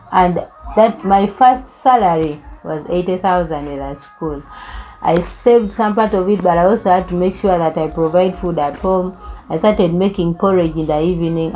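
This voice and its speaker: A woman's voice: fairly low pitch, dark tone, poor audio. Young woman, reflective storytelling, faint background hiss. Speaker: vlogger telling her life story. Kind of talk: personal storytelling.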